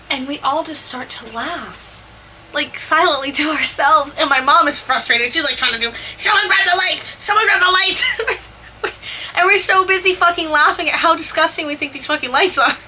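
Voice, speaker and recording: A woman's voice: high-pitched, sharp tone, a little hiss or hum. A young woman telling a chatty, profane story over a video game build. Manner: chatty, profane, quick asides. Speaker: Sims builder and vlogger.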